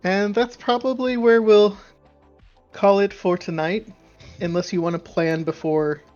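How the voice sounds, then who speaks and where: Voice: mid-range voice, steady tone, measured pace, a little mellow, dull audio, soft background music. An easygoing game master running a tabletop game in casual talk.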